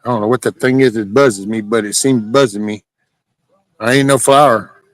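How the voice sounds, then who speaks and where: A man's voice: mid-range voice, fairly even intonation, normal speed, no room sound. A man from Southeast Texas, chatting casually and joking with viewers while reading their comments on a livestream. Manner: laid-back, folksy and profane, joking with chat. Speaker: livestream host.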